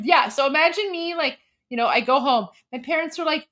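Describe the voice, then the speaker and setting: A young woman, telling a story in a casual livestream chat, animated and filler-heavy. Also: sits high, brisk. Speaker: livestream host.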